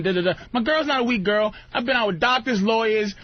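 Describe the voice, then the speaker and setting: A man's voice: very high-pitched, brisk, no room sound. A male comedian talking as a guest on a radio show, telling profane stories and acting out quotes with lots of energy. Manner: profane, animated storytelling with acted-out quotes. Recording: lo-fi radio broadcast.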